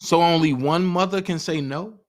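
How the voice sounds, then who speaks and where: Fired-up guy with aave ranting on his stream, pitch a bit high, keeps hitting the chat with questions. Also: moderate pace. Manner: indignant, asks the chat pointed questions. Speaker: livestream host. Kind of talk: heated livestream commentary.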